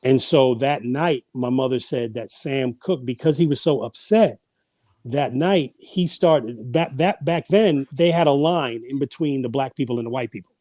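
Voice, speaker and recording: A man's voice: medium pitch, moderate pace, mellow, no room sound. A man guest on a podcast, telling family stories in a rambling, casual way with many restarts and repeated words. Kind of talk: casual storytelling.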